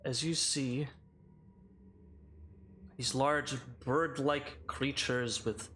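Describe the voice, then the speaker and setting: Slow-talking male game master. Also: mid-range voice, fairly even intonation, pushed and bright, a little hiss or hum. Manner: unhurried, with many fillers and restarts. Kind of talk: narrating a tabletop game.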